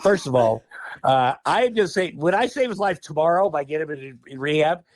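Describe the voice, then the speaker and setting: A man guest on a podcast launches into a rambling anecdote, swearing freely and laughing through his own lines. His voice sits a little higher than most men's, and the sound is dry and close. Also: fairly quick, no room sound. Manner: animated, profane, laughs mid-sentence. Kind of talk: casual anecdotal storytelling.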